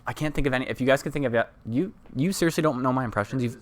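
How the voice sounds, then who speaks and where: A man's voice: medium pitch, rapid-fire. A young man from Canada co-hosting a live stream in casual chat, joking and poking fun at himself. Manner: self-deprecating, joking. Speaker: co-host.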